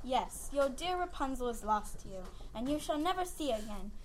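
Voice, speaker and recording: A woman's voice: sits high, expressive, moderate pace, a little hiss or hum, low-quality recording. A woman voicing a scheming old witch who draws out her calls in a mock-wicked sing-song. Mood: gloating.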